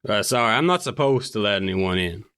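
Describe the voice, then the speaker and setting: A man playing a bored guard on a train, lower-voiced than most men, keeps his words tight and guarded. He speaks in a tabletop role-play, in an everyday voice with little put on. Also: lively intonation, fairly quick, a bit bright, no echo, clean studio sound. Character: bored armed male train guard, cagey.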